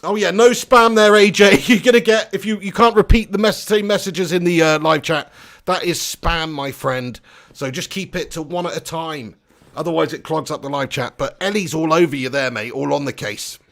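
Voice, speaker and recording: A young man hosting a live football watch-along, chatty and excitable, reading chat messages and swearing casually. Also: a little high, moderate pace, gravelly.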